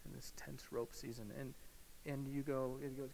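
Animated male pastor in a reverberant hall. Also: medium pitch, normal speed, vocal fry. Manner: animated, swings from loud emphasis to hushed guided imagery. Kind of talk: sermon. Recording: hall reverb with faint hiss.

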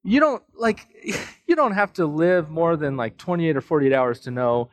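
A man pastor preaching a sermon, telling a personal story in a casual, joking, animated way full of asides. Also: a little high, moderate pace, no room sound. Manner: conversational storytelling with self-deprecating humor; animated, with frequent fillers and asides.

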